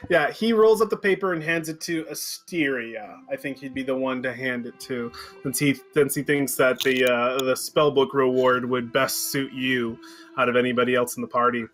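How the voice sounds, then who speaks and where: Male game master, easygoing narration, mid-pitched, chatty, with faint music behind. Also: moderate pace. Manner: relaxed, chuckling, filler-heavy.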